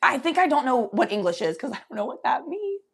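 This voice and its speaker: Giggly, profane woman with a gravelly creak. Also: high voice, very animated, fast talker. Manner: giggly, profane, loose and chatty. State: high from smoking weed. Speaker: livestream host. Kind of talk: casual chat reading viewer comments.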